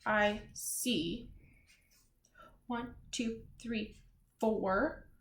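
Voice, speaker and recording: A woman teacher giving a children's word lesson, slowly spelling and reading words aloud and giving gentle drawing instructions. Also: on the high side, fairly even intonation. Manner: slow, gentle classroom instruction with spelled-out letters. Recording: echoey room with faint noise.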